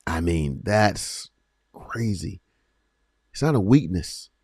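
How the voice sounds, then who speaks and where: A man hosting a faith podcast, speaking earnestly with repeated phrases and slow, emphatic pauses. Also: low-pitched, lively intonation, darkish tone, husky, dry recording, studio quality. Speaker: podcast host. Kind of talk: encouraging faith podcast talk.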